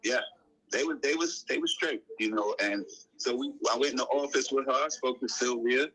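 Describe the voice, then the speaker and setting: A man, a guest on a talk show, telling a long story in a relaxed, casual way. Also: mid-range voice, moderate pace, slightly rough, low-quality recording. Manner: animated storyteller, acts out quotes in raised voice.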